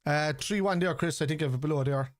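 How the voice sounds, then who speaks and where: Guy streaming a footie watchalong, a bit high-voiced, dry mic, chatting to his viewers. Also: fast talker, no room sound. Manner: chatty, reads out chat messages, excitable at match moments. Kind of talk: casual live-stream chat and match reactions.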